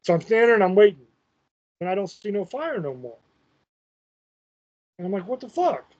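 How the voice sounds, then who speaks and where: A man's voice: sits high, big pitch swings, normal speed, darkish tone, muffled recording. A man casually telling a profane, self-mocking story as host of his own show.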